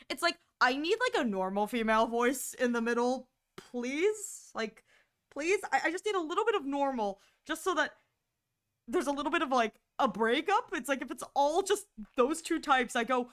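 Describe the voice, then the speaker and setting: A woman's voice: a little high, lively intonation, fairly quick, a bit bright. A woman streamer chatting casually on a livestream, rambling with lots of fillers and acting out her own reactions in quoted asides.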